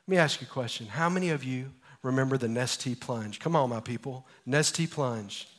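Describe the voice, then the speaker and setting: A man in his forties preaching a sermon as pastor, telling stories with energy and then dropping to a hushed, earnest tone. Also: mid-range voice, brisk, hardly any pauses. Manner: animated storytelling, swinging from loud to hushed. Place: church.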